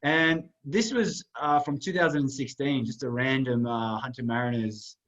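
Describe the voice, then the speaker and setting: A man chatting loosely on a sports podcast, his voice sitting in an ordinary middle pitch. He meanders, restarts and fills gaps with "um" while talking through pictures. The recording sounds slightly dull and lo-fi. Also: moderate pace, fairly bright tone. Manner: rambling, talks through photos with many fillers. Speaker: podcast co-host. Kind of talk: casual sports podcast chat.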